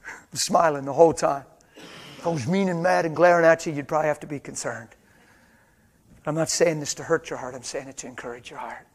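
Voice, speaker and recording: A middle-aged male preacher delivering a sermon in a church, his voice sitting a little high for a man. He slips from soft, hushed storytelling into loud, fervent exhortation. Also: steady tone, a little fast.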